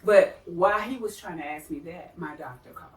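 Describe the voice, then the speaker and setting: Middle-aged woman, interview guest, animated storyteller who mimics others; distant mic, roomy sound. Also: fairly quick. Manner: animated, acts out quoted voices with big pitch jumps. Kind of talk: personal storytelling. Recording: roomy, from far off the mic, faint noise.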